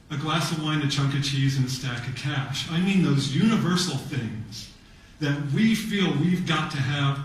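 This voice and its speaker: Man, fairly high voice, measured emphatic delivery, heavy echo, distant mic. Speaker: speaker giving a talk. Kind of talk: prepared public talk. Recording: very echoey hall, voice from far off.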